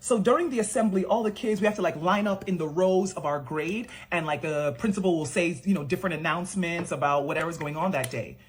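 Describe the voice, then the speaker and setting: A young woman telling an animated storytime vlog, acting out the people she quotes. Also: on the low side, fast, few pauses, slight background noise. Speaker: beauty creator.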